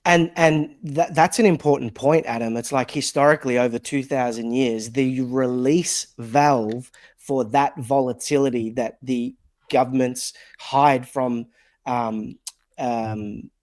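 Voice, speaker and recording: A man on a podcast, explaining a point in casual chat with quick bursts. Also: medium pitch, steady tone, a little mellow, no room sound. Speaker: podcast co-host.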